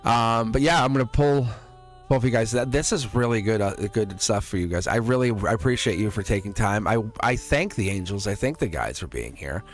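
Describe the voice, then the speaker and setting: A man's voice: fairly low pitch, animated, brisk, soft background music. A middle-aged man hosting a live tarot stream, rambling in a casual, chatty way and laughing often. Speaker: tarot reader and livestream host. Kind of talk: casual livestream chat.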